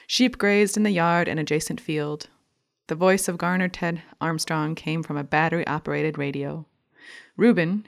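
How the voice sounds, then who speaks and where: A woman reading a memoir essay aloud with a measured, deliberate delivery that slows down over lists. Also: sits low, vocal fry. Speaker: reader.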